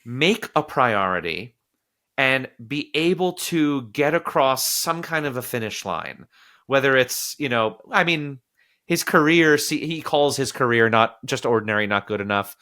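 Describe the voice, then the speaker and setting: A man hosts a podcast about film, talking in a casual, animated way. His voice is bright and clear, at an ordinary middle pitch. Now and then he slips into quick acted voices to quote the characters. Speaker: podcast host.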